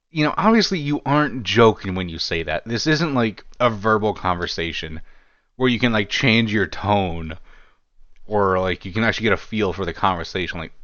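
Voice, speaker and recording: A man's voice: low voice, a bit bright, no echo, dull audio. A man giving casual commentary on chat logs, rambling with lots of "you know" and "like" and wry asides. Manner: wry, self-deprecating asides. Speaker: true-crime commentary creator.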